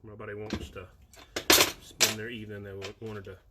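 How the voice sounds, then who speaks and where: A man's voice: fairly low pitch, brisk. A man with a Southern US accent, casually explaining a wiring project with lots of fillers. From American South. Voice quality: relaxed, rambling with fillers. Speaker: workshop video host. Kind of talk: casual how-to talk. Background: clicks and workshop noise.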